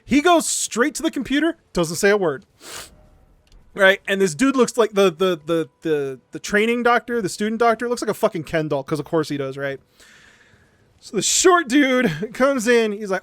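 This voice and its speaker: A man streamer telling a story in casual chat, animated and sarcastic, with frequent stammered restarts and swearing. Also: high-pitched, moderate pace, no room sound.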